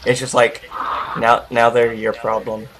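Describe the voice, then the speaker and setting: A young man chatting excitedly while playing a game with a friend, often laughing and getting loud. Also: mid-range voice, a little slow, noisy background. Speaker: gamer. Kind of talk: casual gaming chat.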